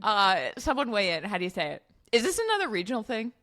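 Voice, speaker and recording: Lively, teasing young woman co-host. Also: medium pitch, quick pace. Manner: playful, teasing, lively reactions. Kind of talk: casual podcast chat.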